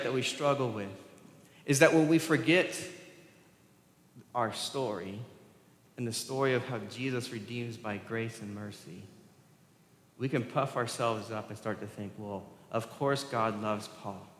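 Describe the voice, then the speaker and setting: A male pastor delivers a sermon in a relaxed, conversational way, tossing questions to the congregation and chuckling between points. His voice sits in a middle register. The sound carries a long, roomy reverb from the church hall. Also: mid-range voice, a little slow, pauses often. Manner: conversational, asks the congregation questions, laughs often. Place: church sanctuary.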